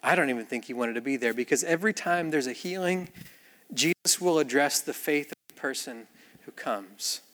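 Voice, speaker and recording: A man preaching a sermon in a church, telling the story with animated acted-out voices. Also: mid-range voice, normal speed, big-room sound. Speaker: pastor.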